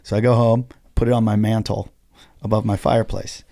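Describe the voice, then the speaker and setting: Gravelly-voiced man telling a story. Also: on the low side, little pitch movement, fairly quick, warm tone, no room sound, clean studio sound. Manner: storytelling, acting out both sides of the dialogue; loose, rambling with many fillers. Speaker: comedian. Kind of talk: casual podcast chat.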